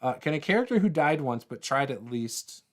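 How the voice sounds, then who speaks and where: A man hosting a relaxed livestream chat about tabletop games, with a voice of ordinary middle pitch. He rambles and laughs often, with fillers and false starts, and drifts from point to point as he reacts to viewers. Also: moderate pace. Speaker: host of a tabletop RPG livestream. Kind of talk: casual livestream chat, reading viewer comments.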